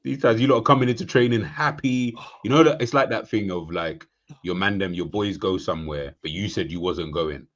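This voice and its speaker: A young man with a very deep voice talks through casual football banter, asking questions and building comic scenarios. His mic sounds dull and lo-fi, with the top end muffled. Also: fairly quick, a bit bright. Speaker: co-host.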